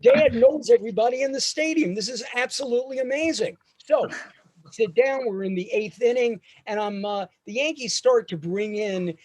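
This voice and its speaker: A man doing a storytelling stand-up set over a video call, acting out his father's lines. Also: normal speed. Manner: animated, acts out his father's lines in a higher voice. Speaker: stand-up comedian.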